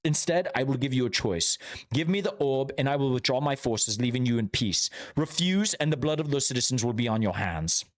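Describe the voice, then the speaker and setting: Smug evil elf lord, drawls his threats, kinda bouncy pitch, guy doing it. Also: lively intonation, close to an everyday voice. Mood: menacing. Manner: slow, sneering, condescending. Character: smug, menacing elven lord villain.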